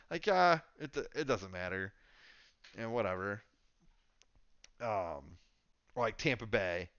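A man's voice: on the low side, expressive, slow, long pauses, fairly bright tone, smooth, no room sound, dull audio. A man co-hosting a podcast, chatting casually and thinking aloud with lots of fillers. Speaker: podcast co-host. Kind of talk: casual sports chat.

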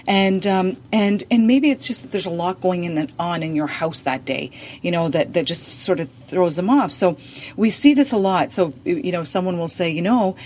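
A woman's voice: on the low side, moderate pace, a little mellow, slight background noise. A woman giving practical advice on dementia caregiving, speaking hesitantly with frequent fillers and restarts. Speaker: dementia care advisor. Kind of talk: advice in a podcast conversation.

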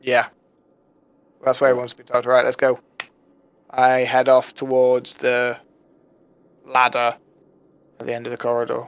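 A man's voice: medium pitch, monotone, a little slow, pauses often, clear, resonant tone. A man playing a tabletop game, decisively leading the group's plans in casual chat. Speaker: player.

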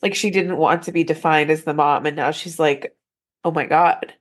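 A woman's voice: low voice, fairly even intonation, moderate pace. A woman co-hosting a casual podcast chat, emphatic and slangy, full of "like". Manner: emphatic, slangy, lots of fillers. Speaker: podcast co-host.

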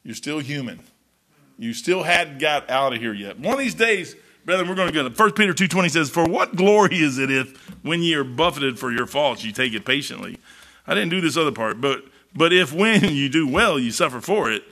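Folksy preacher man, bright voice. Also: fairly high pitch, a little fast. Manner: folksy, storytelling, animated, says "man" often. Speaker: pastor. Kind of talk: sermon.

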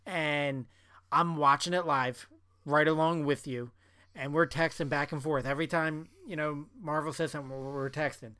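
A man's voice: a little high, fairly even intonation, moderate pace, bright, forceful tone, no room sound. Chatty man co-hosting a podcast. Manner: chatty, lots of fillers. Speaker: podcast co-host. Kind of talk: casual podcast chat.

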